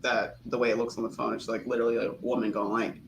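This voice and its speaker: A woman co-hosting a podcast in casual chat, animated and often laughing. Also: rumbling low, quick pace, creaky, background noise. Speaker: podcast co-host. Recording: echoey room, faint background ambience.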